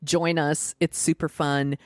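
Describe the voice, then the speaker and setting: A woman's voice: low-pitched, flat delivery, measured pace, dry recording, studio quality. A woman co-hosting a podcast, wrapping up with upbeat show plugs in a casual chat. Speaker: podcast co-host.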